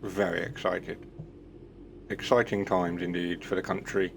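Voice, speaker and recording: A man's voice: deep voice, level tone, measured pace, creaky, noisy background. A man chatting casually on a live stream, rambling and self-deprecating.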